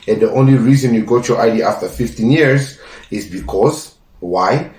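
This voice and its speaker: A man's voice: mid-range voice, normal speed, a little mellow. A young adult man hosting his own podcast, talking in an emphatic, lecturing way that repeats his points. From South Africa. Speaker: podcast host. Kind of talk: casual opinion podcast monologue. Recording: roomy sound from a distance.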